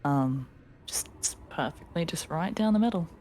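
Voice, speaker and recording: A tired woman streamer chatting casually with viewers, laughing often and slipping into soft whispers. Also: low voice, expressive, normal speed, slight background noise. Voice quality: tired, giggly. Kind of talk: casual chat reading viewer comments.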